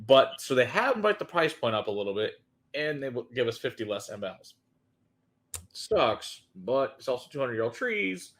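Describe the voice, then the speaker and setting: A man's voice: mid-range voice, very animated, normal speed, a bit bright. A man co-hosting a casual whiskey tasting, listing flavor notes with enthusiasm. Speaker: whiskey reviewer, co-host.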